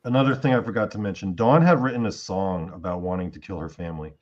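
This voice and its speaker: Man, podcast host, casual rambling storytelling, low pitch, muffled lo-fi audio. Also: fast, a little mellow. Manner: rambling retelling with many fillers and acted quotes.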